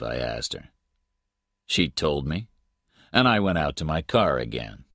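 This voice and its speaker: A man narrating a detective story in the first person, measured and steady, as a scripted audiobook read. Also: rumbling low, dry recording, studio quality.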